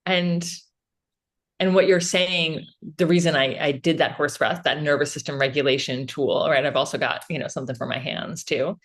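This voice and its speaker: Earnest explaining woman, lowish voice. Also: steady tone, normal speed, fairly bright tone. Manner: earnest, explanatory, often asks "right?". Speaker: podcast guest. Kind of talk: casual podcast conversation.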